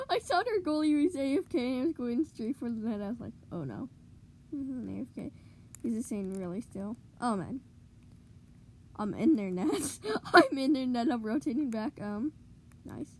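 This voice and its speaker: A woman giving excitable live commentary on her own gameplay, cheering goals and groaning at misplays. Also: on the high side, normal speed, slight background noise. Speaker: gamer streamer.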